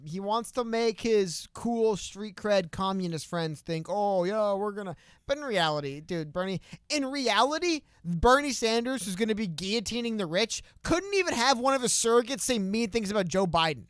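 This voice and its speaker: High, lively-voiced man. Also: moderate pace, hardly any pauses, clean tone, no room sound, clean studio sound. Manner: animated, rambling, trails off mid-sentence. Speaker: co-host. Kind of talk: casual political chat.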